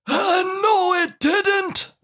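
A woman voicing a bumbling married man in a scripted comedy sketch, speaking halting broken English full of "uh" fillers. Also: extremely high pitch, steady tone, fairly bright tone, exaggerated voice. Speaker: co-host of a comedy show.

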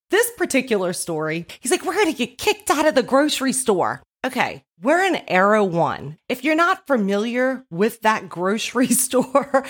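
A woman telling a story in a casual monologue, loud and animated, often laughing as she talks. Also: mid-range voice.

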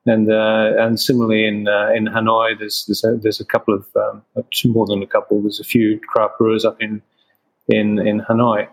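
A man's voice: on the low side, monotone, normal speed, poor audio. A man in an interview, a craft brewer answering questions with many restarts and fillers.

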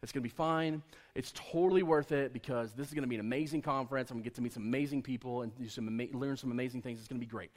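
A man preaching a sermon as a personal story, acting out conversations with lively swings in his voice. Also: medium pitch, rapid-fire, few pauses. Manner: animated storyteller, acts out dialogue. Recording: long hall reverb.

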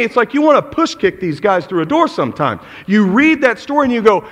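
A man preaching a sermon with passion, moving between loud outbursts and low, intense tones. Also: sing-song, normal speed, hardly any pauses, long reverb tail. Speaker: pastor.

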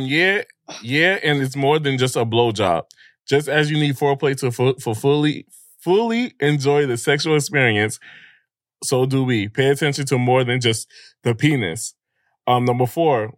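A man hosts a casual podcast, running through a list in a blunt, joking manner. His voice sits at an ordinary middle pitch, and the sound is dry, with no room echo. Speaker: podcast host.

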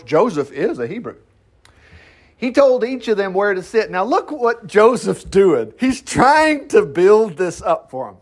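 A man reading a Bible story aloud as a teacher, breaking off for chatty, laughing asides. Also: high voice. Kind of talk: reading scripture with commentary.

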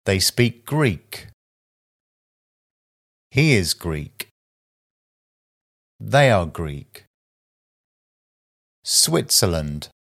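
A man reading a vocabulary list aloud as a language teacher, with slow, deliberate enunciation of single words and short sentences. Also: low voice, fairly bright tone.

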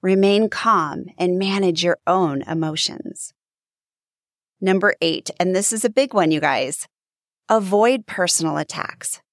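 A woman's voice: fairly low pitch, a little slow, dry recording, studio quality. A woman hosting a faith-based podcast who teaches in an earnest, encouraging way and acts out sample phrases. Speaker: podcast host.

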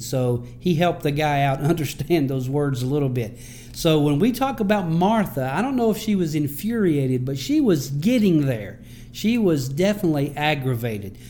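A man's voice: fairly high pitch, a little mellow. A man, a pastor, giving a conversational sermon and telling stories with frequent restarts.

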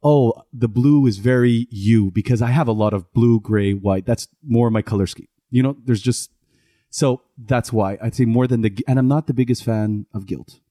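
Steady and warm, this middle-aged co-host's medium-pitched voice moves at normal speed in a dry, studio-quality recording. He rambles through stories in casual podcast chat, frequently correcting himself.

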